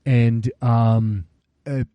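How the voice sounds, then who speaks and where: A man in his late forties chatting casually on a podcast, telling stories and acting out quotes in higher voices. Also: fairly even intonation, extremely slow, no room sound, highs cut off. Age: 40s. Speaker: podcast co-host. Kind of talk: casual chat.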